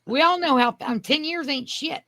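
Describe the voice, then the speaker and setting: A woman's voice: sits high, normal speed, a bit bright, dry recording. A woman co-hosting a casual podcast chat, emphatic and prone to trailing off while she hunts for things. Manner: emphatic, searches for things mid-sentence. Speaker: podcast co-host.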